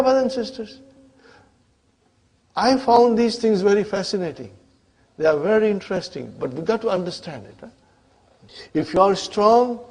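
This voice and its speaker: A man teaching Arabic grammar to a class in English, often stopping to ask whether the students follow, and spelling out grammar terms slowly. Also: high-pitched. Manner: checks in with students constantly, asking "huh?" and "are you with me?".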